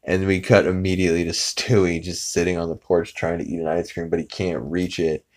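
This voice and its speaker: A man's voice: low voice, brisk. A man hosting a podcast, casually and animatedly retelling a cartoon episode. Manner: rambling and animated, acts out character lines. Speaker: podcast host.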